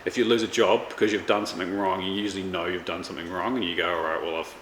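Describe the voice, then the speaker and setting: A man in his thirties, a chef and vlogger, chats casually with a low, steady, fairly bright voice at a racing pace. He rambles, filling his talk with ums and restarts. The recording comes from an echoey room with faint background noise.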